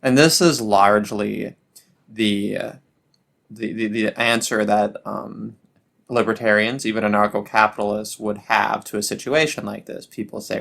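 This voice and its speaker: A man's voice: fairly low pitch, fairly even intonation, moderate pace, vocal fry, fairly bright tone. Man ranting political commentary. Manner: ranting, sarcastic, frequent restarts.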